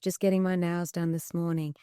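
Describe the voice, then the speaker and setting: Animated Australian woman, low voice. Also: fairly quick, clear, resonant tone, no echo, studio quality. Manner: animated, acts out quoted voices. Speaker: podcast guest. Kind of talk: casual chat.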